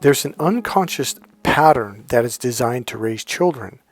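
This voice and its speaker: A middle-aged man talks at an ordinary mid pitch, blunt and emphatic, spiking his dating advice with curses and quick anecdotes. Soft music sits faintly behind him. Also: expressive, no room sound, studio quality. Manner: profane, emphatic, storytelling. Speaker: dating coach.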